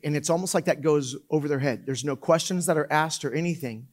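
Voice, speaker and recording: A man's voice: fairly high pitch, fast talker, hardly any pauses. A man preaching a casual, conversational sermon in a loose style, full of fillers and restarts. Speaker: pastor.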